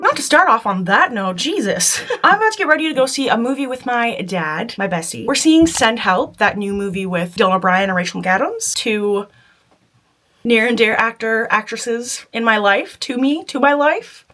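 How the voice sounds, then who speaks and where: A woman's voice: on the high side, lively intonation, moderate pace, bright, forceful tone. A woman at her makeup table chatting casually through a makeup tutorial, self-deprecating and laughing often. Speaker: beauty vlogger.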